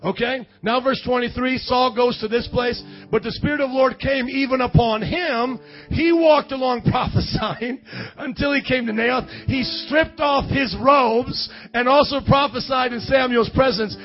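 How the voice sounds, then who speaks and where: A man preaching a lively charismatic sermon, with loud excited bursts and quiet musing asides. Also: moderate pace. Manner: excitable, loud outbursts, then drops low to muse. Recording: dull lo-fi church recording with faint music.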